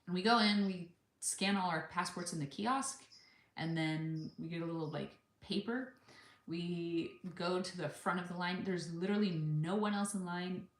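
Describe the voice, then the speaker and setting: A woman's voice: fairly low pitch, moderate pace, a little hiss or hum. A woman in her thirties from the United States, telling a travel story casually and acting out the people she quotes. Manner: chatty, animated retelling with quoted voices. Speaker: vlogger. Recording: echoey room.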